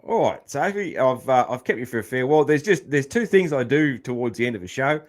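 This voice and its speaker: A man hosts a casual podcast interview in a mid-pitched voice. He talks in a relaxed, encouraging way. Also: a little fast. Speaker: podcast host.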